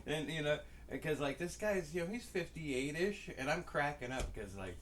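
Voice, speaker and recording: A man's voice: on the high side, lively intonation, normal speed, fairly bright tone, slight background noise. A man co-hosting a podcast, telling casual rambling stories full of swearing and acted-out dialogue. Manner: profane, rambling, acts out quoted dialogue. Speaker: podcast co-host. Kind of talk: casual storytelling chat.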